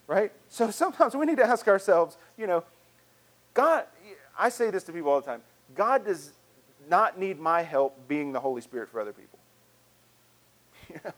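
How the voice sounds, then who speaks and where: Guy pastor giving a sermon in church, kinda high voice, all over the place, chatty. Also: normal speed. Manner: animated and conversational, with acted-out quotes and big swings in loudness. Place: church sanctuary.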